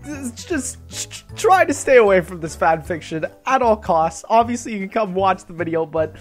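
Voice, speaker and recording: A man's voice: high-pitched, moderate pace, soft background music. A man reading fan fiction aloud to his channel, casual and profane, breaking off into reactions. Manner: profane, animated asides between read lines.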